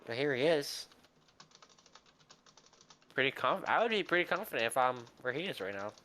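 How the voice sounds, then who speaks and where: A man calling a sim race with excitable, joking play-by-play commentary. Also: medium pitch, normal speed.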